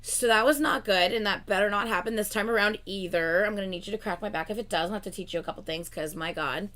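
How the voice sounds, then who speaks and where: A young woman co-hosting a livestream rambles through casual chat, using plenty of "like" and laughing between her lines. Her voice is mid-range and a bit bright, and she talks fast.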